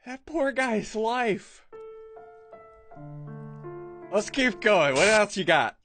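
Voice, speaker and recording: A man hosting a gaming video, reacting to funny clips in casual, excitable commentary, laughing and repeating himself. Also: high voice, extremely slow, over music.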